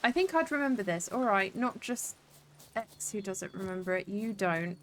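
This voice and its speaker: A woman's voice: mid-range voice, lively intonation, moderate pace, a little hiss or hum. Chatty, sweary woman streamer. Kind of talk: casual gameplay commentary.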